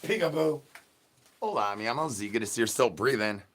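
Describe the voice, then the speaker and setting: A man hosting a livestream, rambling nonsense and chanting the same catchphrases at his chat, dropping to a mumble and then bursting out louder. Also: fairly low pitch, fast. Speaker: livestream host. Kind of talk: absurd livestream banter.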